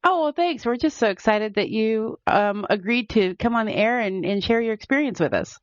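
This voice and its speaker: A woman's voice: fairly high pitch, lively intonation, normal speed, dry recording, lo-fi sound. A woman hosting a podcast interview, opening with a scripted intro and then chatting in a friendly way.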